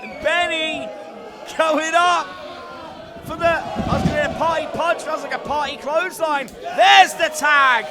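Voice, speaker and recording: A man calling a wrestling match live, excitable and joking, often shouting over the action. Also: very high-pitched, moderate pace. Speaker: wrestling commentator. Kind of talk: live play-by-play commentary. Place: indoor wrestling venue. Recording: loud live crowd and arena noise.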